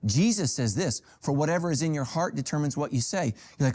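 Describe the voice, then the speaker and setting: A middle-aged male pastor preaching a sermon, telling stories with humor and sudden jumps in pitch. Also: animated, brisk, hardly any pauses, darkish tone. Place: church stage with a golf cart prop.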